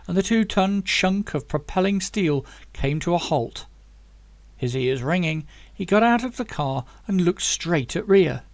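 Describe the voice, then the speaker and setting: A man reading his own novel aloud in steady, dramatic audiobook narration. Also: on the high side, dry recording.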